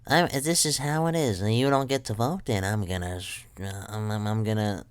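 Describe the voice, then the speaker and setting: A man's voice: on the low side, expressive, normal speed, clean tone. Rambling, joking young man podcaster. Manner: joking, self-mocking, trails off and restarts. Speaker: podcast host. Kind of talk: rambling solo podcast monologue. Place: room at home with a loud air conditioner.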